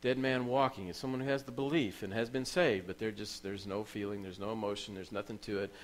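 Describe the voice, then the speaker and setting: Low-voiced emotional male preacher. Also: steady tone, fairly quick, rough recording. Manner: emotional storytelling preacher, repeats phrases for emphasis. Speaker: pastor. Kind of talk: sermon. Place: church.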